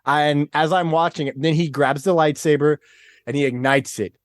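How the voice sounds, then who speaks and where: Excitable man on a podcast. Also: on the high side, moderate pace, dry recording, studio quality. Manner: excitable, animated retelling with gasps and laughs. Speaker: podcast guest. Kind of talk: casual chat.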